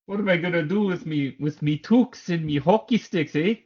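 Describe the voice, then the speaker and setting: A man's voice: fairly high pitch, darkish tone, breathy edge, voice pushed up. A man putting on a whiny exaggerated Canadian guy. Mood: mock despair. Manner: drawn-out sing-song whine. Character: exaggerated hockey-loving Canadian man, forlorn. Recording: dull lo-fi recording.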